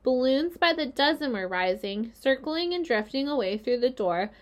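A woman reading a children's novel aloud in a gentle storytelling voice. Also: sits high, lively intonation, moderate pace. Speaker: reader.

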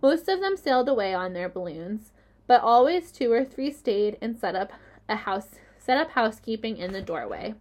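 A woman reading a children's novel aloud in a gentle storytelling voice. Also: fairly high pitch, lively intonation, moderate pace. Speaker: reader.

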